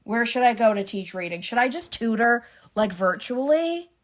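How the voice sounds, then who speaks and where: A Canadian woman co-hosting a podcast in casual chat, chatty and excitable, quick to gasp and laugh. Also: fairly high pitch, crowd noise. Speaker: podcast co-host.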